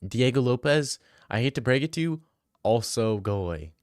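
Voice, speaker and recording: A young man hosts a casual livestream, reading viewers' chat questions aloud and then riffing on them with jokes and plenty of slang. His medium-pitched voice is animated and moves at a moderate pace, recorded dry in studio quality.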